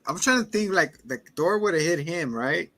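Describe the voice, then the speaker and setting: Bright-voiced animated man retelling a film. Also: on the high side, moderate pace. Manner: animated storyteller, acts out scenes in voices. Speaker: podcast host. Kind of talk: casual movie review chat.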